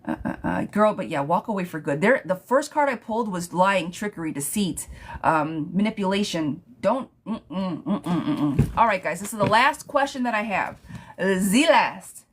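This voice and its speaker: A woman's voice: mid-range voice, animated, moderate pace, a little hiss or hum. A woman reading tarot live for viewers, chatting casually and laughing often. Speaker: tarot reader.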